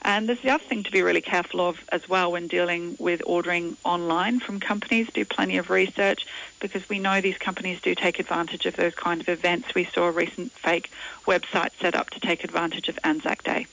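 A woman giving practical consumer advice in a radio interview, brisk and matter-of-fact. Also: lowish voice, steady tone, creaky, fairly bright tone, poor audio.

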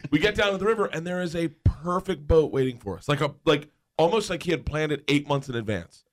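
Animated man telling wild stories. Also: fairly high pitch, quick pace. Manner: animated, laughs often, acts out voices in stories. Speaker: guest storyteller. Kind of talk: casual chat, anecdote telling.

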